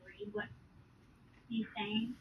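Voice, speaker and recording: A woman's voice: fairly high pitch, very animated, slow pace, vocal fry. Earnest woman on a tinny phone line. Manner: earnest, urgent when quoting, loose and filler-heavy when explaining. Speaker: Christian speaker sharing a vision. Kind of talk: casual spoken testimony. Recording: tinny phone-like audio with faint background noise.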